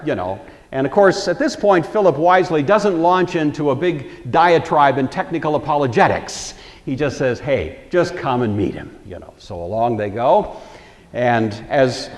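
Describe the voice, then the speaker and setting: Lecturer, male, lively storyteller who slips into quoted voices; slightly high voice, reverberant hall. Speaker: Bible lecturer. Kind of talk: recorded lecture.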